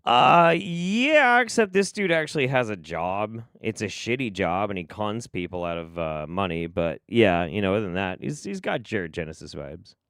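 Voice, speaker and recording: A man's voice: low voice, very animated, moderate pace, few pauses, fairly bright tone, smooth, no echo, studio quality. Sarcastic, profane male streamer. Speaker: host.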